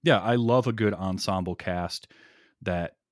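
A man's voice: deep voice, measured pace, no room sound, studio quality. A man co-hosting a casual movie discussion, enthusiastic and rambling, laughing often. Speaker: podcast co-host.

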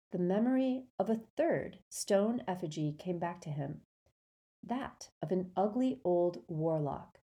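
A woman narrating a storybook in a steady, measured way. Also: mid-range voice.

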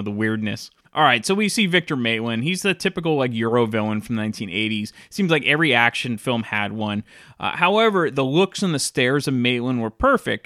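A man's voice: medium pitch, a bit bright, no room sound. Chatty male film reviewer, dry sound. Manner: chatty, enthusiastic, with frequent restarts. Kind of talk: casual commentary.

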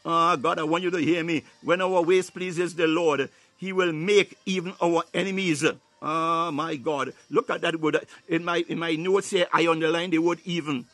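A man's voice: a little high, steady tone, moderate pace, few pauses, fairly bright tone, no echo. A man preaching a sermon, filling his phrases with "hallelujah" and "ah, my God" and breaking into tongues.

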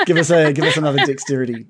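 A man narrating as game master of a tabletop game, hesitant, with many fillers and restarts. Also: fairly high pitch.

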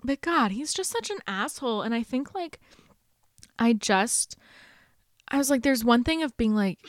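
A young woman in casual conversation about a book, chatty and animated, filling her talk with "like". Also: on the high side, normal speed, dry recording.

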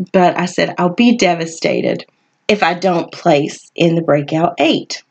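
A woman hosting her own podcast, sounding tired and groggy, talking frankly in a chatty way with frequent light laughs. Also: on the low side. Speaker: podcast host. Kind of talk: casual solo podcast talk.

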